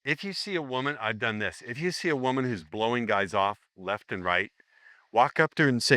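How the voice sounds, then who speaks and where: A man's voice: mid-range voice, animated, fairly quick, bright, forceful tone, no echo. A man teaching a live seminar, joking and rambling as he acts out sample lines for the room. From United States.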